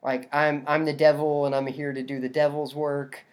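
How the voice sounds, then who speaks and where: A woman's voice: deep voice, little pitch movement, normal speed. A woman co-hosting a casual podcast, talking bluntly with plenty of swearing. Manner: blunt, swears a lot, acts out quoted lines. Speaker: podcast co-host. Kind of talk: casual chat.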